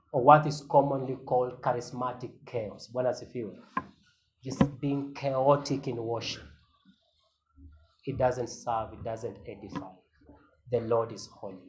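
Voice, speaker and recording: Earnest pastor preaching. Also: male voice, mid-range voice, slight background noise, poor audio. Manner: earnest, emphatic, repeats a call-and-response refrain. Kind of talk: sermon.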